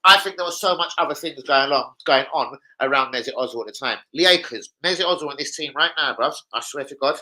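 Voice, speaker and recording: A man's voice: a little high, fast talker, hardly any pauses, poor audio. A young man ranting casually about football as a fan channel host, swearing a lot and slipping into impressions of people. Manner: animated, sweary, slangy, mimics people.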